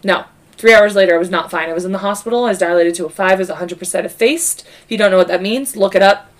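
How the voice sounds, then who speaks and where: A woman in her thirties co-hosting a podcast, telling stories in an animated way, swearing freely and laughing often. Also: medium pitch, quick pace. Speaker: podcast co-host. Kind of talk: casual chat.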